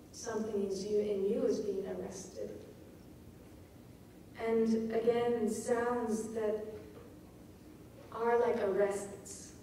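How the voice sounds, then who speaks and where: A woman giving a poetry lecture, measured and often checking in with her audience. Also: medium pitch, mellow, far from the mic, slight background noise. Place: lecture hall. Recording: echoey hall recorded from afar.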